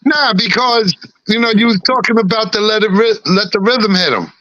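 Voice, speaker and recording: A middle-aged man with a slight lisp, talking in a relaxed, laughing way on a podcast. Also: high-pitched, normal speed, dull audio. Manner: laid-back, laughing, peppered with "you know what I'm saying". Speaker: guest rapper. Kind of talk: casual podcast chat.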